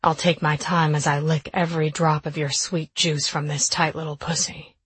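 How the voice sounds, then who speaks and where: A woman voicing a forceful, lustful grown man who speaks in a low growl. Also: little pitch movement, normal speed, breathy edge, no echo.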